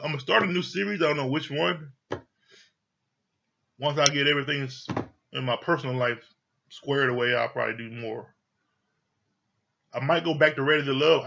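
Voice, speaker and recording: A man's voice: fairly high pitch, creaky, sharp tone. Blunt, profane man ranting on a dull recording. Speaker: reality TV reviewer. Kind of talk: casual ranting review. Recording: dull lo-fi sound.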